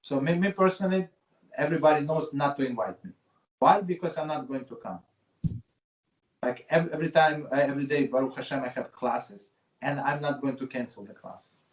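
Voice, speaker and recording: A man's voice: fairly high pitch, brisk, far from the mic. Guy teaching torah classes, stops and restarts a lot, roomy echoey sound. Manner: hesitant, repeats words, slightly non-native phrasing. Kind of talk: casual discussion. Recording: roomy echo.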